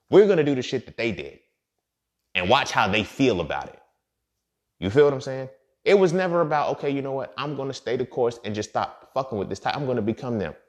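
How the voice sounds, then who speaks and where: Speaking at a medium pitch, this podcast host rambles through an offhand monologue full of swearing and repetition. His delivery flips from booming emphasis to low mumbled side comments.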